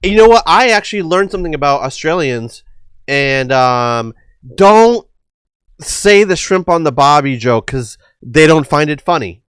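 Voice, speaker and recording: A man's voice: fairly high pitch, animated, moderate pace, fairly bright tone, clear, resonant tone, no room sound, studio quality. A man from the United States hosting a livestream, talking casually in a rambling way with many fillers and swearing. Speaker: livestream host. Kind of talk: casual stream chat.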